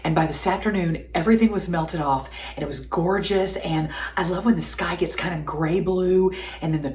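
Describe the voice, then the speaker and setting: A woman's voice: sits low, darkish tone, reverberant. A middle-aged woman hosts a home cooking show, chatty and affectionate, laughing often. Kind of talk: casual home cooking demonstration. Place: home kitchen.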